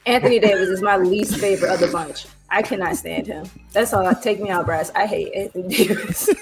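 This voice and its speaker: A woman's voice: medium pitch, a little fast, soft background music. Blunt ranting woman co-host. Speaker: podcast co-host. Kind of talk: casual chat.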